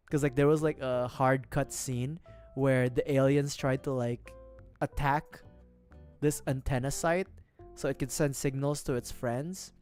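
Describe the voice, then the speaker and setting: Guy streaming a chill game, goofy rambly chat to viewers, laughs a lot, soft game music under it. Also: mid-range voice. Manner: rambling, jokey, laughs often, talks to chat. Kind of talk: casual gaming livestream chat.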